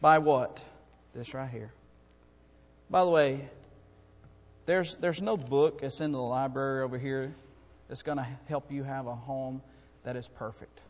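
A man preaching a sermon to his congregation, swinging from soft, musing asides to loud, rising calls, with frequent restarts and jokes with the crowd. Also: mid-range voice, steady tone, a little slow, long reverb tail. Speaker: pastor. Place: church sanctuary.

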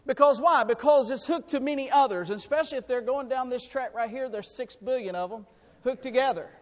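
A man preaching a sermon in a folksy, emphatic way, swinging between loud and quiet. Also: extremely high pitch, a little fast, long reverb tail.

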